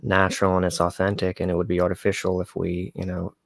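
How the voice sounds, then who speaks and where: A woman co-hosting an interview, speaking in a hesitant, halting way full of fillers. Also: very deep voice, monotone, vocal fry, no room sound. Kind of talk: casual interview conversation.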